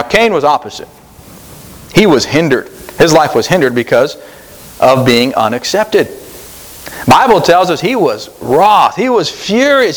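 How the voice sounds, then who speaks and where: A man preaching an earnest sermon at a church service, rising for emphasis and repeating his phrases. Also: mid-range voice. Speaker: pastor.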